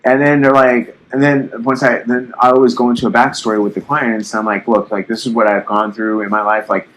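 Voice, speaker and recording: A man's voice: mid-range voice, little pitch movement, a little fast, fairly bright tone, slight background noise, low-quality recording. A young man in his twenties hosting a casual podcast, rambling bluntly with lots of swearing and fillers; his voice sounds youthful. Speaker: podcast host.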